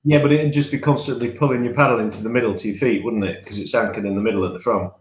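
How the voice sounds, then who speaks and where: A man's voice: lowish voice, fairly even intonation, very fast, echoey room, a little hiss or hum. A man co-hosting a casual live-stream podcast from home, chatty and rambling, often laughing at himself. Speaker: podcast co-host.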